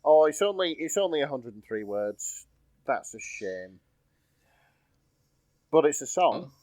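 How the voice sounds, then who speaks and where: A man's voice: a little high, very animated, measured pace, darkish tone, dry recording. A man with a Yorkshire accent, co-hosting a podcast in casual chat, swearing freely and bantering. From Yorkshire, England. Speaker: podcast co-host.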